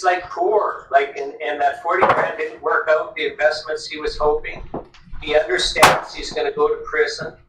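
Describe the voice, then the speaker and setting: A man's voice: on the high side, a bit bright, far from the mic. Give me a man chatting through a parable in an echoey room with faint background noise. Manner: conversational, full of fillers like "you know" and "like". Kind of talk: casual faith talk, retelling a parable.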